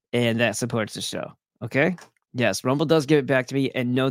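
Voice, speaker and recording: A man's voice: mid-range voice, no echo. A man hosting his own online show, ranting to viewers in a profane, sarcastic, rambling way. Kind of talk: casual rant to viewers.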